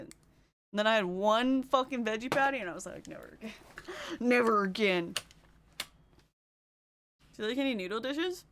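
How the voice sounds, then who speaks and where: A woman's voice: mid-range voice, fairly bright tone, a little hiss or hum. A woman streaming casually while doing her makeup, chatting, laughing often and answering her chat. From Canada. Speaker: livestreamer.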